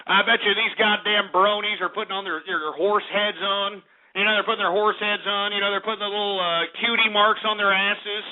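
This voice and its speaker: A man's voice: sits high, steady tone, brisk. A man hosting a talk radio show, ranting angrily and cursing at his targets. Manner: profane, furious, shouting insults. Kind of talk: angry talk radio rant. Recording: tinny phone-like radio broadcast.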